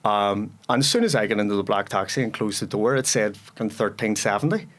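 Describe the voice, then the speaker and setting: Blunt Northern Irish podcast host. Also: male voice, on the low side. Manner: blunt, swears freely, halting restarts. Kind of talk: casual podcast chat.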